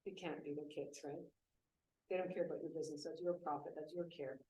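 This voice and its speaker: A woman speaking at a business event, telling a lively classroom story in a conversational way. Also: low voice, fairly quick. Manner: animated, conversational, voices quoted students. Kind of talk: storytelling talk. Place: event room. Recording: echoey room from a distant mic with faint hiss.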